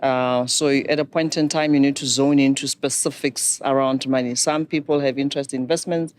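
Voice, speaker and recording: A middle-aged woman, a banking expert giving measured, instructive advice. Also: extremely low pitch, fairly even intonation, a little mellow, slight background noise. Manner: measured, instructive, poses questions to listeners. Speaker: banking and microfinance expert guest. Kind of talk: explanatory advice talk.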